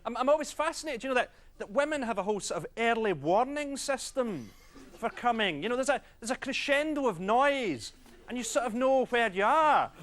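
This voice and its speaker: Animated high-voiced comedian on stage. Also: male voice, a little fast. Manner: animated, conspiratorial, bursts into loud quoted cries. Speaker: stand-up comedian. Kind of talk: stand-up routine. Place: comedy club stage with audience.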